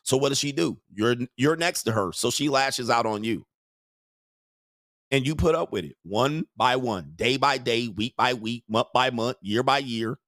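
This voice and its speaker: A man's voice: mid-range voice, moderate pace, a bit bright, no room sound, studio quality. Crude, mocking man hosting a rant. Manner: crude, mocking, laughs often. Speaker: show host. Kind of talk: livestream rant.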